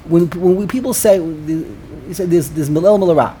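A man's voice: a little high, moderate pace, mellow, slight background noise. A man in a casual study discussion, explaining points and often repeating words as he thinks them through. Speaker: Torah study participant.

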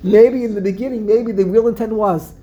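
A woman from Brooklyn with a Brooklyn accent, giving a religious lesson with an animated storyteller's habit of repeating and restarting phrases. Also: mid-range voice, a little fast, low-quality recording. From Brooklyn, USA. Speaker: religious teacher. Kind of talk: Passover lesson talk.

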